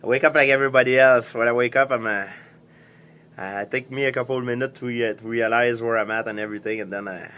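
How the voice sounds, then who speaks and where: A young man answering interview questions in halting, repetitive English, laughing easily. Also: medium pitch, steady tone, a bit bright, smooth. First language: French. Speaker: interviewed fighter. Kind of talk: casual interview.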